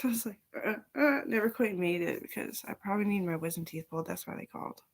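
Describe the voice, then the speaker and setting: A young woman rambling in a casual vlog, swearing often and drifting between loud talk and whispers. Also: fairly low pitch, vocal fry, husky.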